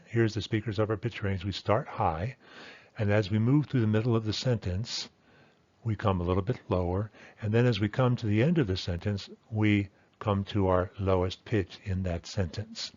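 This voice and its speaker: A man's voice: lowish voice, no room sound, muffled recording. A man teaching a language lesson, explaining step by step and checking in with "right?". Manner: methodical, repeats key points, says "okay" and "right?".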